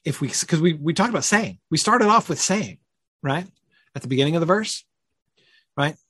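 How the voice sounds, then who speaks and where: A man's voice: fairly high pitch, expressive, normal speed, a bit bright, breathy edge, no echo, studio quality. A man leading a conversational Bible study, thinking aloud with many fillers and checking questions.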